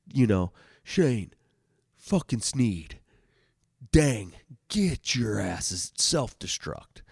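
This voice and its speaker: A man hosting a podcast, telling a story in a loose, heavily swearing way, swinging from loud bursts to hushed asides. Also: mid-range voice, animated, slow, slightly rough, no room sound, studio quality. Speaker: podcast host telling stories. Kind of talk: casual storytelling monologue.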